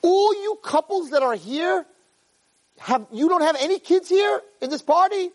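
A man voicing an exasperated male police officer who cannot understand why someone is there, in a high strained voice. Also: lively intonation, unhurried. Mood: incredulous. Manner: incredulous, demanding questions.

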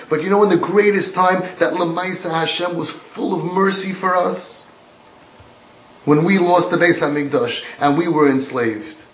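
A man's voice: on the high side, a bit bright. A man giving a sermon-style religious lecture, emphatic and repetitive, quoting from texts. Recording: roomy echo.

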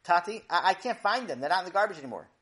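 A man voicing a young boy, absent-minded, hesitant, stammering, lively pitch. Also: racing, breathy edge, heavily acted.

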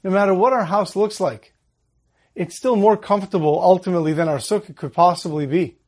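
A man giving a holiday Torah talk, telling a story in a calm way and slowing down on the Hebrew verses. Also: high voice.

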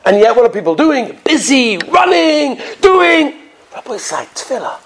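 A man preaching a sermon, telling stories in an animated way and chuckling often. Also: very high voice, slight background noise. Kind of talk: sermon with storytelling.

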